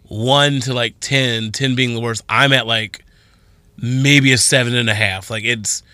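A Midwestern American man co-hosting a casual morning radio show, animated and quick to laugh, talking while in some pain. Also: medium pitch, no room sound. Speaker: radio co-host. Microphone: studio microphone.

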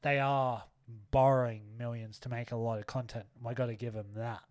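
A man's voice: medium pitch, level tone, moderate pace, a little mellow. A man co-hosting a casual chat podcast, joking around and laughing often. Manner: jokey, laughs often, tries silly accents. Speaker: podcast co-host.

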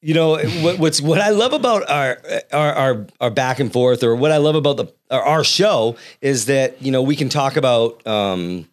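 A man's voice: mid-range voice, animated, normal speed, few pauses. Rambling Boston-area man, podcast co-host. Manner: rambling, many fillers and restarts; playful storyteller. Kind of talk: casual podcast chat.

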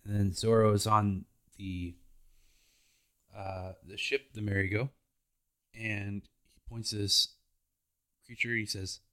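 This man speaks with a fairly low pitch and a level delivery, and his voice is clear, resonant and fairly bright. As a podcast host he casually retells anime episodes in a slow, laid-back, playful way, slipping into put-on character voices during this recap chat.

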